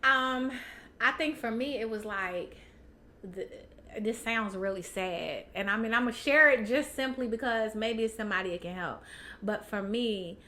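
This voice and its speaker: A woman's voice: on the high side, unhurried, sharp tone. A woman guest on a podcast, talking candidly with many fillers and restarts and laughing often. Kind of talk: candid personal chat.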